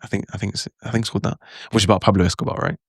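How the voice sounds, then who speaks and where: A man's voice: on the low side, steady tone, rapid-fire, slightly rough, no echo, clean studio sound. A man giving a casual spoken lesson on language learning, loose and chatty, full of asides and acted-out reactions. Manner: acts out his own reactions in quotes.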